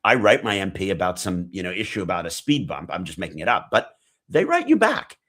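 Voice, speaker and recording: American man, podcast guest, fairly low voice, earnest and explanatory. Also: sing-song, fairly quick, a bit bright. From United States. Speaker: podcast guest, geopolitics analyst. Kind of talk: casual conversational interview.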